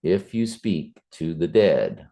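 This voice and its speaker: A middle-aged man speaks in a slow, casual but preachy manner. His voice is very deep and dark with a gravelly edge. He pauses often with fillers and restarts. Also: big pitch swings. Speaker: Bible study channel host. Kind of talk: casual spoken reflection.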